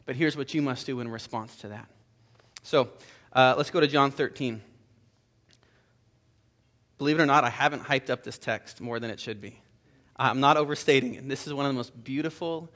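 A man's voice: mid-range voice, fairly bright tone. A male pastor giving an earnest, conversational sermon to a congregation in a church room, with prayer and a scripture reading, often repeating words as he speaks.

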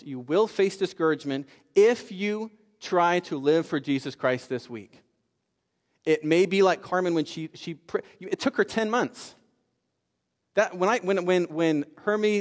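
A man preaching a sermon, telling a story in an animated way with frequent repetitions. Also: on the high side. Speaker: pastor. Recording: reverberant hall.

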